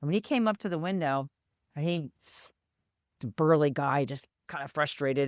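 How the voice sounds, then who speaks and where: Speaking low at a normal speed with long pauses, an older female podcast co-host shares something that happened to her. She brings the story to life by acting out each person's voice, and the studio recording is clean, with no room sound.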